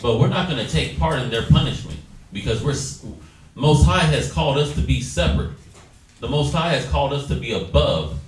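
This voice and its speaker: A man's voice: mid-range voice, big pitch swings, a little fast. A man teaching a Bible study class, exhorting his listeners and acting out quoted dialogue. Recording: echoey room, distant mic, faint noise.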